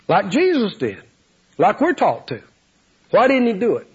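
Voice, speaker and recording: A man preaching a sermon, animated and often laughing as he acts out voices. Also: extremely high pitch, normal speed, breathy edge. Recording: dull lo-fi sound.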